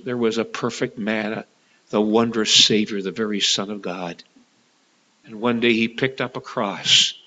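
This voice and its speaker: A man preaching a sermon with passion, rising to loud, high peaks and dropping to hushed, slow lows. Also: low-quality recording. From Canada.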